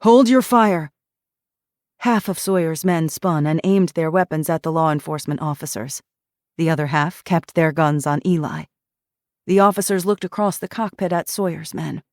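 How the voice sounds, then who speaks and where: A woman narrating a thriller audiobook in an even, measured reading. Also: deep voice, no room sound, studio quality.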